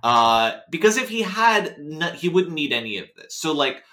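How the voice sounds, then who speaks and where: A man's voice: fairly high pitch, very animated, moderate pace, sharp tone. A man co-hosting a casual chat about a story, rambling and correcting himself as he talks. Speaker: podcast co-host.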